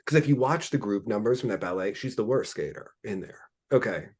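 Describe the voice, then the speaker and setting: A man in casual podcast chat, dishing gossip with sassy, animated asides. His pitch swings widely from line to line, and he sounds quite theatrical. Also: a little fast, husky. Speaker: podcast co-host.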